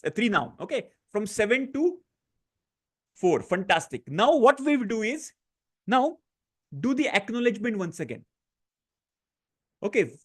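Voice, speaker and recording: A man guiding a live online stress-relief session, speaking gently with many fillers and restarts. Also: very high voice. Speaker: stress-relief workshop facilitator. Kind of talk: guided tapping session on a live online class.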